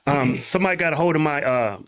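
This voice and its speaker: A man co-hosting a casual podcast chat, telling stories in an animated way, laughing often and restarting his sentences. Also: on the high side, fast. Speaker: podcast co-host.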